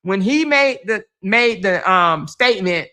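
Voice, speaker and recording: A middle-aged woman hosting a casual livestream, chatting to viewers and telling stories in a lively, animated way. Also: medium pitch, unhurried. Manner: animated storytelling, reads viewer comments aloud. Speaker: livestream host.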